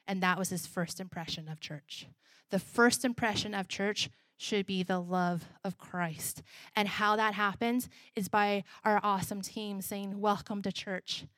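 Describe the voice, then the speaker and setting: A woman pastor delivers a sermon from the pulpit, swinging from emphatic, lifted lines down to soft, intimate ones. Her voice sits at a middle pitch. The sound is close and dry, with no room echo. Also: fairly even intonation, a little slow. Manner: repetitive preaching refrain, emphatic then soft.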